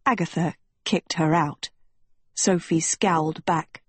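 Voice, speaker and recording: A woman reading a storybook aloud with measured, expressive narration. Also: lowish voice, slightly rough, no echo. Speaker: audiobook reader.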